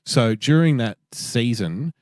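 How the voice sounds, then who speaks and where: A man's voice: medium pitch, expressive, slow pace, a little mellow, no room sound, clean studio sound. A man with an Australian accent hosting a podcast, telling rambling, profane anecdotes in a casual chat. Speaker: podcast co-host.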